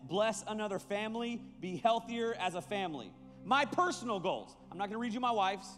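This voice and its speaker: A man preaching to a young crowd as a youth pastor, joking and animated, talking straight to his listeners. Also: sits high, a little fast, big-room sound, soft background music. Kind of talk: sermon.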